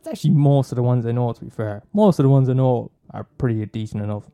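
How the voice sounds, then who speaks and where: A man's voice: mid-range voice, expressive, fast talker, dark tone, smooth, soft background music. An Irish man hosting a podcast, rambling in a casual monologue, swearing, laughing and teasing his listeners. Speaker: podcast host recommending films.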